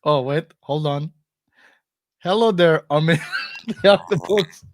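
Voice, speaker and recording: A man's voice: fairly high pitch, takes it slowly, no echo. A man hosting a casual live-stream comedy chat, playful and joking, laughing often. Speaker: host.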